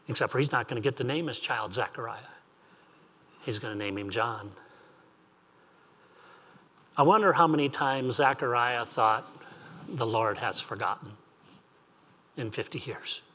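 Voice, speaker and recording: A man's voice: medium pitch, a little slow, long pauses, pushed and bright, slightly rough. A man preaching an earnest sermon as pastor, repeating phrases and asking rising questions.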